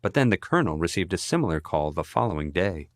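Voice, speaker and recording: Male audiobook narrator, low voice, dry close sound, measured read. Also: very animated, dry recording. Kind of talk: scripted narration.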